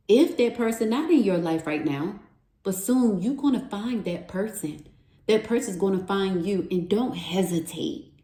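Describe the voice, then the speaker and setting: A woman's voice: lowish voice, dark tone. A woman giving a tarot reading, heartfelt and encouraging, repeating affirmations over and over. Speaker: tarot reader. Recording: roomy echo.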